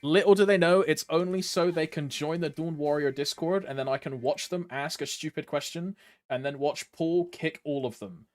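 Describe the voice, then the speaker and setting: A man's voice: on the high side, moderate pace, no room sound. A young man from Britain, chatting casually on a game stream, rambling with lots of fillers and humming to himself. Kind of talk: casual live-stream chat.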